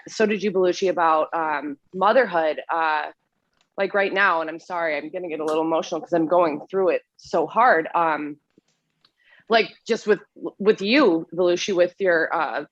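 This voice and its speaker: A woman's voice: fairly low pitch, no room sound, dull audio. A woman on a video call, talking in a rambling, apologetic way with lots of restarts, getting emotional. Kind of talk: emotional casual conversation. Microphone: computer mic on a video call.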